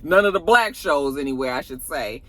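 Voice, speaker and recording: Animated reviewer with a bright voice. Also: medium pitch, moderate pace, dry recording. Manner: animated, expressive, swears freely. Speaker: TV show reviewer. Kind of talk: casual recap and review vlog.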